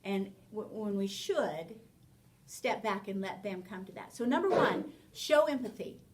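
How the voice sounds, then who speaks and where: A woman teaching a parenting class, lively, acting out short exchanges with children as she explains. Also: medium pitch, unhurried, far from the mic, rough recording. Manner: animated, acts out little dialogues with children. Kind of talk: spoken class lecture.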